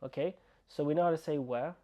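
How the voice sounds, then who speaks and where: Guy teaching an online lesson, low mellow tone, repeats each sound slow. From United Kingdom. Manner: slow, repeating words and sounds to drill pronunciation. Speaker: Arabic teacher.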